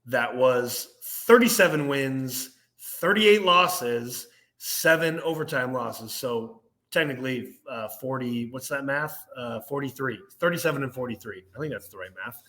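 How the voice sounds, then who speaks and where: A young man co-hosting a casual sports podcast, ranting with animated energy and laughing at himself. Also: medium pitch. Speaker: podcast co-host.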